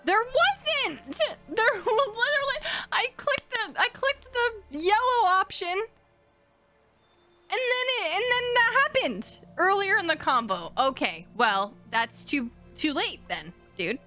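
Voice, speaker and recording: A woman's voice: very high-pitched, lively intonation, unhurried, sharp tone. A young woman streaming a game live, ranting in a profane, exasperated way. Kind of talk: live gameplay commentary. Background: game music.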